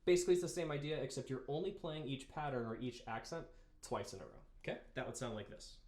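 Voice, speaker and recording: A young man teaching marimba, talking through exercises in a relaxed way and counting beats aloud. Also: mid-range voice, quick pace. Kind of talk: instructional music lesson. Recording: roomy practice space with marimba. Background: marimba playing.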